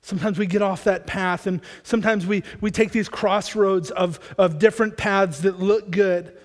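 Male pastor, lively casual preaching, higher voice, church hall echo. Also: moderate pace. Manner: energetic, conversational, frequent restarts. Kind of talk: sermon. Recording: long church hall reverb.

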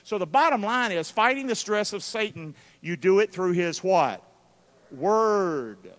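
A man preaching a live sermon, calling out for responses from the congregation and swinging between loud and hushed. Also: high-pitched, lively intonation, a little slow. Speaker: pastor. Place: church sanctuary during a live service. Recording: long hall reverb of a church.

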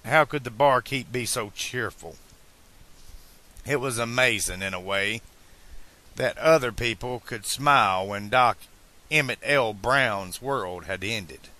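A man narrating a fan-made audiobook in a measured storytelling manner. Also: medium pitch, sharp tone.

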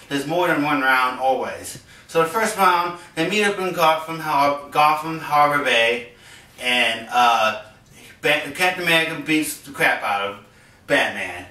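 A man hosting a homemade comic show, excitedly acting out a superhero fight with laughs. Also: fairly high pitch, roomy sound, recorded from a distance, low-quality recording. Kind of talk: excited toy fight play-by-play. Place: basement at home. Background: music playing.

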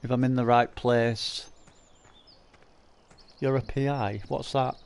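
A man's voice: mid-range voice, steady tone, slow pace, vocal fry, a little mellow, clean tone. A man commentating a live farming game stream, teasing viewers with crude, laughing banter. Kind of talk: live gameplay commentary, reading chat.

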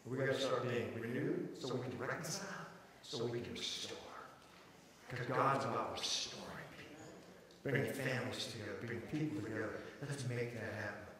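A middle-aged man preaching a sermon as a pastor, telling stories dramatically and swinging from hushed passages to shouted peaks. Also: mid-range voice, normal speed, background noise. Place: large church auditorium. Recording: echoey hall from far off with crowd.

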